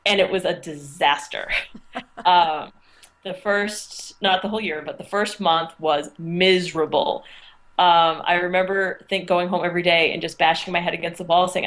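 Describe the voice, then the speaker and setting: A woman's voice: on the low side, normal speed, fairly bright tone. A middle-aged woman, a teacher, talking through her experiences in a casual interview, thoughtful and full of restarts. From United States. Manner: thoughtful, storytelling, frequent restarts.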